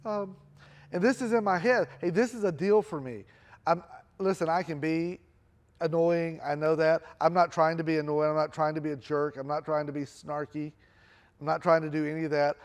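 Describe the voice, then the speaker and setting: A man's voice: on the high side, steady tone, a little fast. A middle-aged man preaching a sermon as a pastor, telling a personal story in a conversational, self-deprecating way. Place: church auditorium.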